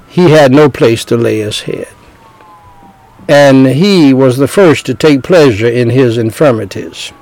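A man's voice: measured pace, a little mellow, no room sound, poor audio. A man preaching a sermon, emotional and repeating himself, his voice rising as he gets stirred. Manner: emotional, tearful at times, repeats words, rises in pitch when stirred.

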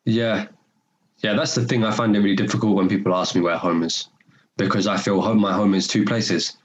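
A man's voice: on the low side, steady tone, a little fast, rough recording. A young man with a North London accent, a podcast guest chatting casually in an earnest, rambling way with many repeated words. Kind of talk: casual conversation.

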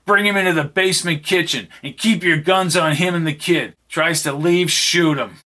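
A man's voice: on the high side, normal speed, bright, forceful tone, voice pushed up. A man voicing a brutal, short-tempered henchman who barks orders in an audiobook reading. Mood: gruff. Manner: barking orders.

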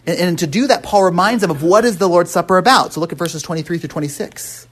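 A man's voice: sits high, fast, a bit bright. A man preaching a casual, interactive sermon, walking through a text and quizzing the congregation with frequent "right?" tags and restarts. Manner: conversational, asks the congregation questions. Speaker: pastor.

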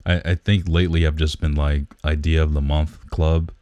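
Rumbling low and a bit mellow, with little pitch movement, a podcast co-host talks at a normal pace. He chats casually and loosely, leaning on plenty of fillers, in a close-miked recording without echo.

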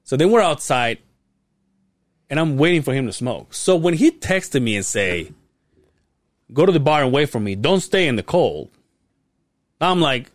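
A man's voice: medium pitch, normal speed, long pauses, no room sound, studio quality. A young man co-hosting a podcast, telling a long casual story full of swearing and quoted voices. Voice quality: profane, animated retelling with quoted voices. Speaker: podcast co-host.

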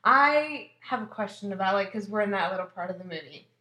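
A woman's voice: medium pitch, expressive, a little fast, pushed and bright. Woman, podcast co-host, opinionated, emphatic, roomy echo. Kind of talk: casual chat.

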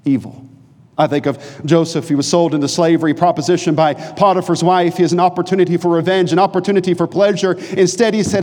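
A man from New Hampshire preaching a sermon, telling stories and jokes, then dropping low and earnest. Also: quick pace, in a large hall. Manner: animated storytelling preacher, shifts from jokey to low and earnest. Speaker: pastor.

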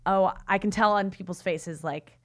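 In a mid-range voice at a moderate pace, a woman co-hosting a podcast shares a story over casual chat. She's animated throughout, acting out the voices of the people in her anecdote.

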